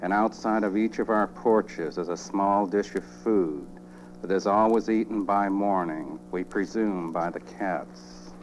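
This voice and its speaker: A man reading spoken-word poetry in a dry, deadpan, measured way. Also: on the low side, a little hiss or hum, rough recording.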